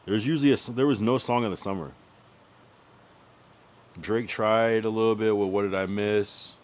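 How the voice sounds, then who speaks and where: A man's voice: fairly low pitch, moderate pace. A young man streaming live, chatting casually and rambling with profanity while he thinks aloud. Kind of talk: casual livestream chat.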